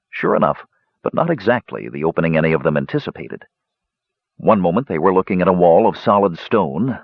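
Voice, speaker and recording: A man narrating a fantasy audiobook with an expressive, varied delivery. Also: low-pitched, fairly quick, no echo, highs cut off.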